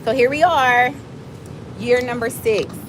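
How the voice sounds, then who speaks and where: A woman of forty from Miami, chatting fast and playfully with viewers as host of her own livestream. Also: a little high, background noise. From Miami, USA. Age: 40s. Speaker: livestream host, nonprofit founder. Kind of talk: casual livestream chat with viewers.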